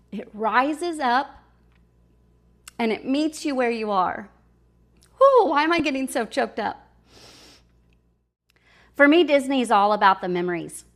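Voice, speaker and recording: A middle-aged woman giving personal travel advice in a chatty, enthusiastic vlog, sharing tips and memories. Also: fairly high pitch. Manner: warm, enthusiastic, conversational with pro tips. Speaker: travel vlogger.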